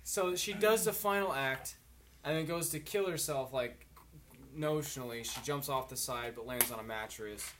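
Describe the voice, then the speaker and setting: A man's voice: medium pitch, normal speed. Young drunk guy, rambling and swearing, casual chat with faint noise behind. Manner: rambling, profane storytelling. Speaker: friend in a group chat.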